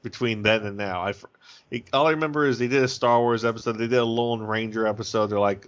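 A man co-hosting a podcast in casual chat, joking and rambling in an animated way. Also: medium pitch, fast, clear, resonant tone. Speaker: podcast co-host. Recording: dull lo-fi podcast audio.

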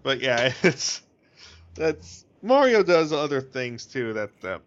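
A man co-hosting a podcast in casual chat, joking and rambling in an animated way. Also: mid-range voice, slow. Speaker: podcast co-host. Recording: dull lo-fi podcast audio.

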